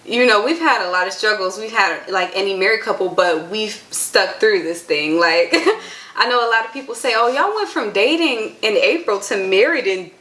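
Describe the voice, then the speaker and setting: Young woman in her 20s vlogging, earnest and chatty, lots of "like", medium pitch, room echo behind her. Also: animated, moderate pace, pushed and bright. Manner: earnest, chatty, with many filler words. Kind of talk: casual chat to camera.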